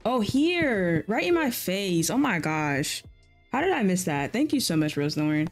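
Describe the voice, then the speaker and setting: A woman's voice: mid-range voice, big pitch swings, a little slow, faint music behind. A woman streaming a farming game, chatting playfully and answering her viewers as she plays. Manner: playful, chatty, reacts aloud and answers chat. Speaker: gaming streamer. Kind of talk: casual live-stream chat while playing.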